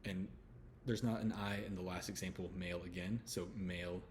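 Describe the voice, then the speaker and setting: A man from Houston, teaching letter sounds in a relaxed lesson and slowly repeating each sound. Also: low-pitched, a little hiss or hum. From Houston, Texas. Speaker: English pronunciation teacher. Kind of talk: casual spoken lesson.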